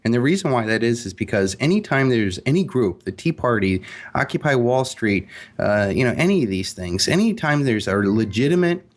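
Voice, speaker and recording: Man, interview guest, middle pitch, emphatic, animated, lots of fillers. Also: a little fast. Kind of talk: casual interview talk.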